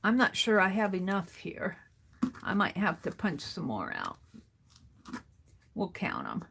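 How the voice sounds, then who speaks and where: A woman's voice: lowish voice, huge pitch swings, measured pace, vocal fry, a bit bright, slightly rough. A woman hosting a crafting livestream, rambling through a casual story as she works and chuckling often between sentences. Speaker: art journaling livestream host.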